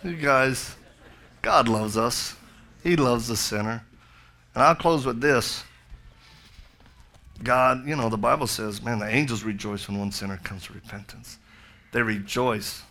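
A man's voice: medium pitch, a little slow, pauses often, sharp tone, slight background noise. A middle-aged male pastor preaching a sermon, telling a story with jokey asides and then building to fervent appeals.

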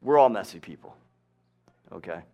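A man's voice: sits low, animated, moderate pace, warm tone. A man giving a casual, conversational sermon, teaching from scripture with personal stories, laughing often and checking in with "right?" and "okay?". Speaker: preacher and teacher. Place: hot upstairs room, live audience.

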